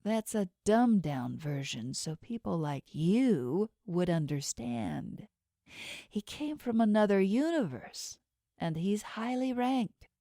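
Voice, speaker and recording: Voicing a threatening, inhuman male boss with shark teeth for an audiobook, a woman speaks slowly at medium pitch with an expressive, creaky, dark tone. The boss is cold and condescending, and the studio-quality sound has no echo.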